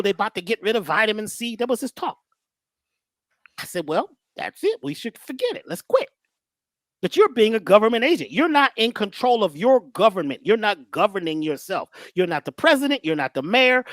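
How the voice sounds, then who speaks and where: A woman's voice: medium pitch, dry recording, clean studio sound. A woman giving a preachy motivational talk as a guest, full of rhetorical questions, repeated phrases and slang. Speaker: guest teacher on mindset and healing.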